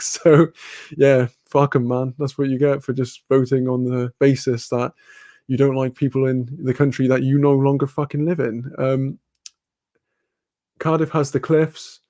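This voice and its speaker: A man's voice: mid-range voice, little pitch movement, moderate pace, dark tone, dry recording. A man with a British accent chatting casually on a live stream, reading comments aloud, rambling, laughing often and swearing freely.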